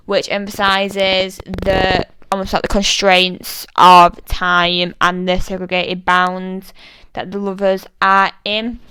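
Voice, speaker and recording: A woman's voice: on the low side, a bit bright, clean tone, no room sound, rough recording. A British woman giving a casual, thoughtful analysis of a poem, chatty and full of fillers. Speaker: literature explainer.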